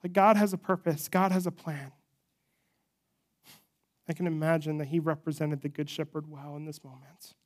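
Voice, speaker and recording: Speaking at a middle pitch, a pastor gives a sermon in an easygoing, storytelling way, working through a scripture passage and stopping now and then for personal asides.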